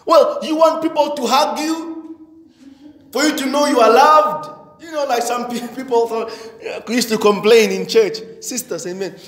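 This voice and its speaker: A man's voice: very high voice, moderate pace. A male pastor preaching a sermon with emphasis, repetition and frequent amens, in a church. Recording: long church hall reverb.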